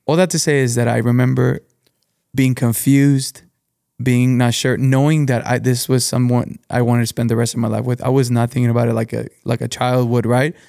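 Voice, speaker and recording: A young adult man, a pastor, sharing a story in casual conversation in a steady, reflective way. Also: medium pitch, normal speed, creaky, no room sound, clean studio sound.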